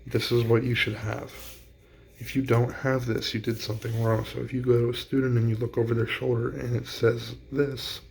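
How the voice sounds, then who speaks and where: A man's voice: medium pitch, flat delivery, normal speed, gravelly, a little mellow, a little hiss or hum. A man explaining a classroom teaching strategy in a plain, practical way. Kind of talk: instructional explainer.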